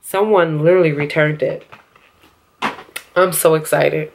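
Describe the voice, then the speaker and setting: A young woman vlogging a makeup haul, excitable and gushing, talking straight to her viewers. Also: low-pitched, a little slow, vocal fry, slight background noise. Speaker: beauty vlogger and store employee. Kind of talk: casual haul vlog.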